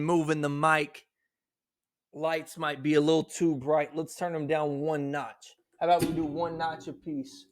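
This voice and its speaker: Excitable man with a shaky voice. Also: fairly high pitch, dry recording, studio quality. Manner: excitable, blunt and profane, talks straight to viewers. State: shaky voice after hours of hiccups. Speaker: fantasy football content creator. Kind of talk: casual fantasy football talk to camera.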